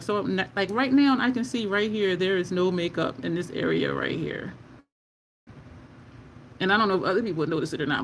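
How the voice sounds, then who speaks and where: A woman rambles happily through stories while doing her makeup on a livestream, talking straight to her viewers. Her pitch jumps around a lot, and a faint hum of room noise sits behind her. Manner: chatty, rambling storyteller, Southern-style "y'all" slang. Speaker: makeup vlogger. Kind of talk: casual makeup tutorial livestream chat.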